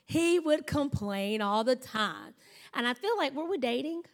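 A high-pitched woman in her thirties, preaching. She tells stories from the pulpit and slips into the voices of the people she quotes, then gets back to her point. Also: lively intonation, unhurried. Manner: storytelling, acts out quoted voices. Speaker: pastor. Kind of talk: sermon.

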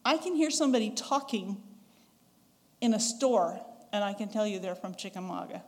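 A woman's voice: medium pitch, animated, moderate pace. A woman from the western United States with a Western American accent, preaching a sermon in a conversational way, chuckling and acting out quoted voices. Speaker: pastor. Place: church sanctuary. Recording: long church reverb.

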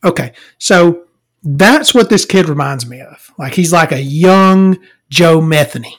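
A woman telling a profane, rambling story in an exasperated rant. She swears heavily and swings between loud outbursts and low mutters. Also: lively intonation, a little slow.

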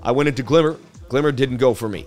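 A man's voice: mid-range voice, fast, a little mellow, faint music behind. Chatty man hosting a crypto stream. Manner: chatty, sports-presenter delivery. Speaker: crypto live-stream host. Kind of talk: casual live-stream market analysis. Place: traveling.

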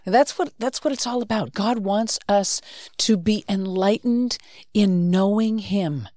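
A woman's voice: mid-range voice, measured pace, darkish tone, dry recording. Woman cohost explaining scripture, earnest, repeats stuff for emphasis, dry sound. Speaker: co-host of a Christian talk show. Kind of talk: teaching faith discussion.

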